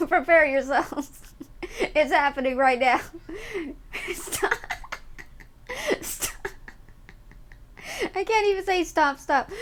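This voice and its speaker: Woman streamer, casual live chat, playful and giggly, foul-mouthed, on the higher side. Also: takes it slowly, long pauses. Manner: playful and giggly, swears freely.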